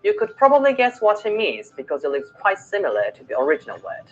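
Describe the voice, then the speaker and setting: Slow teaching presenter woman, music behind. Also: mid-range voice, wildly swooping pitch, dull audio. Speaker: language video presenter. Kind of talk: scripted explainer narration.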